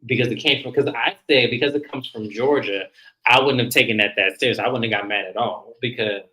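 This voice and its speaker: A man casually recapping a reality TV episode, animated and profane, acting out the cast's lines. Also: medium pitch, fairly quick, poor audio. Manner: animated, profane, laughs, acts out cast lines. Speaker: podcast co-host.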